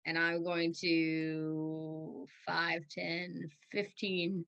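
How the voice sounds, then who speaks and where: Female player, drawn-out delivery, bright and forceful tone. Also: fairly low pitch, level tone, gravelly, muffled recording. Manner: drawn-out, laughs easily. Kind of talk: tabletop game chat.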